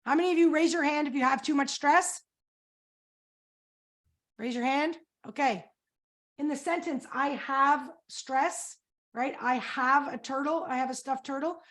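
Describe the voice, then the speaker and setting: A middle-aged woman coach giving an energetic webinar presentation, often quizzing her audience with questions. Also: high voice, unhurried, pauses often.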